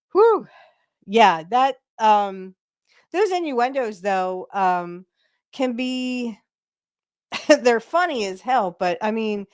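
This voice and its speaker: A woman's voice: a little high, smooth. A young adult woman from the northern United States hosting a casual chat, talking freely and laughing often. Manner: laughs often, chatty and animated. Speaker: podcast host.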